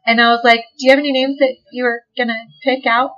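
Woman guest, animated storyteller, bright ringing voice, laughs a lot. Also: on the high side, quick pace, highs cut off, faint music behind. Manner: animated, laughs often, swears casually. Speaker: podcast guest, delivery nurse. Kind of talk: casual chat, storytelling.

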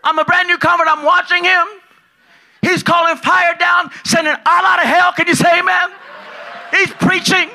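A man preaching a sermon as pastor, loud and excitable, dropping from shouts to low asides and acting out the people in his stories. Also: moderate pace, gravelly. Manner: acts out dialogue in his stories. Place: large church hall at a conference.

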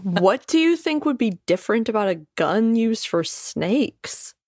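A woman's voice: a little high, sing-song, unhurried, darkish tone. A woman co-hosting a casual podcast with dry, wry remarks. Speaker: podcast co-host. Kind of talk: casual chat.

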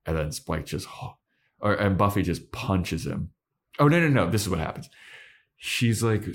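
A man with a low voice co-hosts a casual podcast. He retells scenes from a show, slipping in and out of quick put-on quotes for the characters and swearing freely. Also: very animated. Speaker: podcast co-host. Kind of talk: casual recap chat.

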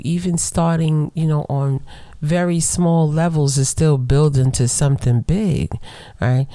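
A middle-aged woman hosting her own podcast in a casual, playful chat aimed straight at her listeners. Her voice sits low and mellow, and the sound is dry and close, with no room around it. She slows down to lean hard on the words that matter. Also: dry recording. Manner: chatty, playful, talks straight to her listeners with slow emphasis on key words. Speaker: podcast host.

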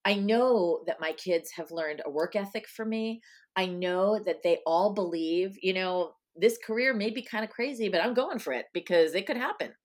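A middle-aged woman from Long Island, New York, speaks in a mid-range voice at normal speed. She's an author appearing as a guest in a casual interview, chatting along with plenty of ums and you-knows.

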